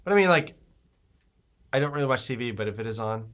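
A man's voice: medium pitch, lively intonation, quick pace, a bit bright. A young man co-hosting a podcast in casual, laid-back banter, swearing often and laughing a lot. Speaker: podcast co-host.

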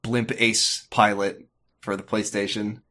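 A man's voice: fairly low pitch, level tone, a little slow, bright, forceful tone. A man co-hosting a podcast, chatting loosely and joking about an episode, swearing freely. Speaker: podcast co-host. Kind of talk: casual recap chat.

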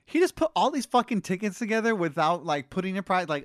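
A man's voice: high-pitched, very animated, a little fast, no room sound, studio quality. A laid-back man in a casual chat, who swears offhandedly and laughs along.

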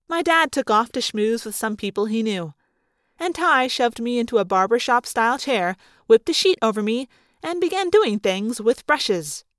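A woman narrating a first-person audiobook in an expressive, lively way. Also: on the high side, no echo, studio quality. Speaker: audiobook reader.

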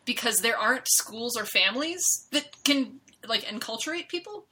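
A young woman co-hosting a podcast, chatting in a rambling, animated way. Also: fairly high pitch. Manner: rambling, animated, quick to laugh. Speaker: podcast co-host. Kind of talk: casual chat.

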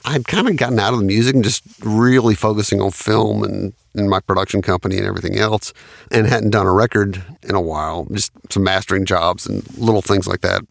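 Man, 60s, gravelly, dry close recording, anecdotal with frequent laughs. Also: lowish voice, fairly even intonation, fairly quick, no echo. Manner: anecdotal, laughs often while recounting. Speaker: studio engineer and producer. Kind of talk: storytelling in an interview.

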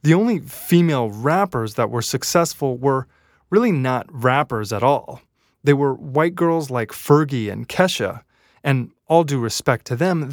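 A man reading scripted documentary narration in a measured way, with wry asides. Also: mid-range voice, no room sound, clean studio sound. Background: faint music bed.

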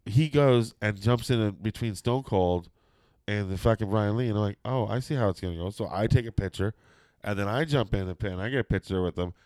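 A man's voice: fairly low pitch, a little fast, dry recording, clean studio sound. A middle-aged man telling a long, profane anecdote in casual chat, acting out the people in it. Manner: profane, animated storytelling with quoted voices.

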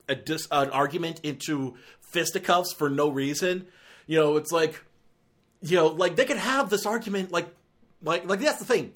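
A man's voice: on the high side, moderate pace, fairly bright tone. Rambling man reviewing a film. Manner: rambling, exasperated, lots of "like". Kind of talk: casual spoken review.

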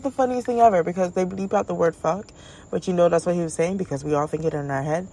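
Low, mellow-voiced woman ranting casually. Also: fast talker, poor audio. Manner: blunt, profane, animated storytelling. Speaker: podcast host. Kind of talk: casual comedic monologue.

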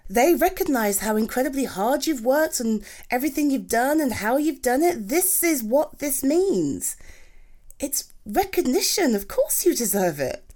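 A woman performing a romantic comfort audio roleplay, gushing and reassuring as she speaks to an unseen partner. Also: high voice. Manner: slow, lively, swooping speech.

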